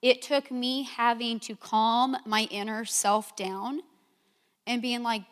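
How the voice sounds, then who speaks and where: A woman's voice: a little high, steady tone, slow, smooth. A middle-aged woman giving a sermon, telling candid stories about her own life and acting out her own reactions. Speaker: speaker at a church gathering. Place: church sanctuary. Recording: long hall reverb.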